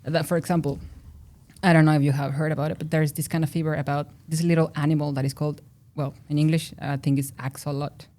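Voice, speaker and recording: A young woman with a Mexican accent and Spanish as her first language, talking freely as a guest on a podcast. Her voice sits low and sounds mellow and warm. She is expressive and chatty, laughing out loud as she goes. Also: fast. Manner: talkative and expressive, laughs loudly. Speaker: guest researcher. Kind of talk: casual podcast interview.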